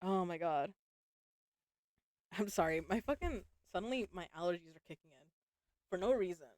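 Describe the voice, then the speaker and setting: A woman's voice: lowish voice, expressive, normal speed, a little mellow, dry recording, clean studio sound. A woman reading a novel aloud on a live stream from home, chatting with her audience, laughing often and swearing casually. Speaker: book reader and live streamer. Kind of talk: live-streamed book reading with chat banter.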